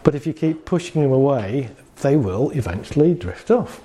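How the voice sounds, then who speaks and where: Mellow-voiced man giving a talk. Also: mid-range voice, expressive, normal speed, husky. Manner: chatty storyteller, acting out quotes with laughs. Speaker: speaker on anxiety and relationships. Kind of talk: talk to a live audience.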